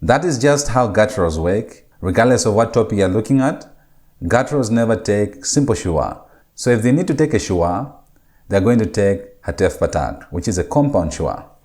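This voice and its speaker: A man's voice: fairly low pitch, animated, normal speed, a little mellow. A man giving a recorded Hebrew grammar lecture, working through rules step by step and repeating key points. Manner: methodical, repeats key points and numbers steps.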